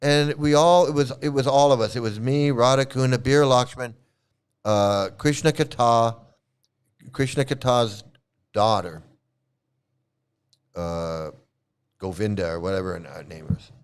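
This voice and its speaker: A man's voice: mid-range voice, unhurried, long pauses, clean tone. A man who used to be a devotee tells a story in a rambling, mocking way, often restarting his sentences and laughing as he talks. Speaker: channel host, former devotee. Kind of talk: casual storytelling rant.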